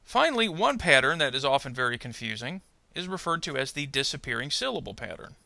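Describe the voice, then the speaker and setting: Guy teaching pronunciation, super bright tone, bit of gravel, dry close sound. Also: mid-range voice, big pitch swings, no room sound. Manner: slow, deliberate, models example words twice. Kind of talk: instructional narration.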